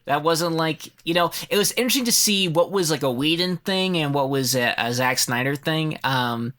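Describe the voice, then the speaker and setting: Bright, sharp-voiced co-host, animated and profane. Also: mid-range voice. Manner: animated and profane, quick asides. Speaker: podcast co-host. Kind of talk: casual chat.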